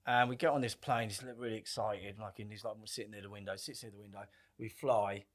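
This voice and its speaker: A middle-aged man telling a story casually on a podcast, animated, swearing freely and acting out quoted lines. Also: fairly low pitch, quick pace. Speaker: podcast guest.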